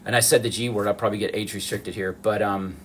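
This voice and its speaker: A man's voice: lowish voice, fairly even intonation, fast talker, a little hiss or hum. A man from the southern United States who chats earnestly and animatedly to viewers during a live stream. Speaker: miniature artist hosting a live stream. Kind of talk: casual livestream chat.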